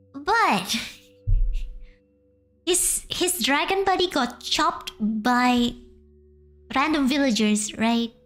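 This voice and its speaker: High-voiced Indonesian woman telling a folk tale. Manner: hesitant, translating as she goes. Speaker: streamer. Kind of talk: storytelling a folk tale on stream.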